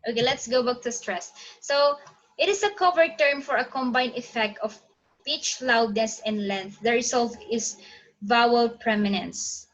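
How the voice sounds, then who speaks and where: A woman with a somewhat high voice teaches a phonetics lesson online. She keeps saying "okay" between points and stops now and then to find her place on the slides. The recording is muffled and lo-fi. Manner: frequent "okay" fillers, pauses to check slides.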